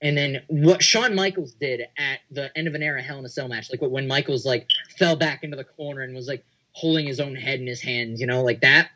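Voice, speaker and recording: A man on a casual podcast, telling a long scenario in excited play-by-play. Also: medium pitch, brisk, hardly any pauses, poor audio. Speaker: podcast panelist.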